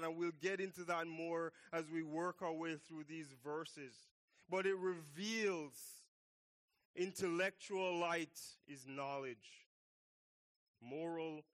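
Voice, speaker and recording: A man preaching a sermon, slow and emphatic, repeating key phrases for weight. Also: on the high side, fairly bright tone.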